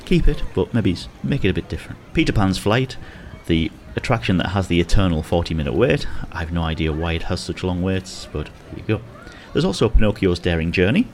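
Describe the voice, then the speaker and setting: A man's voice: sits low, slight background noise. A man giving a casual, rambling walking-tour commentary outdoors in a theme park, chuckling often as he talks.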